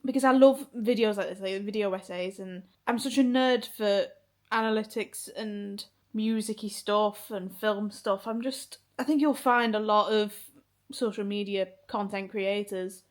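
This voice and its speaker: In an unhurried, steady, medium-pitched voice, a young woman from Liverpool casually vlogs her day indoors at home in her kitchen and flat. A faint Northern English accent colors her speech, full of swearing and frequent laughter, captured on a handheld phone or camera.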